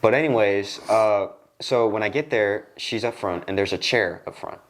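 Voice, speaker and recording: A young man hosting a podcast in a studio, telling a casual work story and acting out the people in it with sudden jumps in his voice. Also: moderate pace. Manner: animated, acts out quoted lines with jumps in pitch. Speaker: podcast host.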